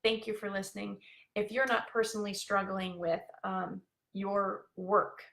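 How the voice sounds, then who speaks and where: A woman's voice: mid-range voice, little pitch movement, unhurried, vocal fry, a bit bright. A woman life coach talking live to her viewers in a bubbly, chatty way, with many fillers. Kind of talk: live-streamed coaching talk.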